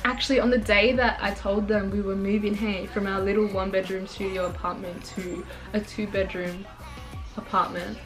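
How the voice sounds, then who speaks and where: A woman's voice: medium pitch, flat delivery, moderate pace, over music, rough recording. A young woman vlogger telling a personal story in a casual sit-down chat. She rambles and fills her talk with "like.". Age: young adult. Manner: chatty and rambling, full of "like".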